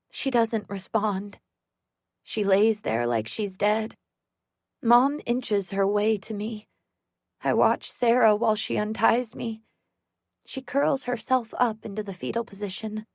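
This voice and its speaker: Slow, tense woman narrator. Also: on the high side, fairly even intonation, vocal fry, a little mellow, no echo, clean studio sound. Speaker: audiobook narrator. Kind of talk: first-person thriller narration.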